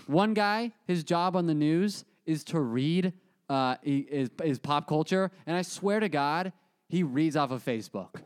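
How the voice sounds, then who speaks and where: Man, casual comedy chat, smooth voice, animated, slips into voices. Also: on the high side, measured pace.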